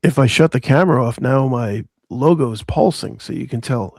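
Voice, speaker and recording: Hoarse East Coast man. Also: mid-range voice, darkish tone, no echo, studio quality. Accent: American East Coast. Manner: talks through market numbers, halting restarts. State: hoarse, voice shot. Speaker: co-host. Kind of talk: casual livestream chat.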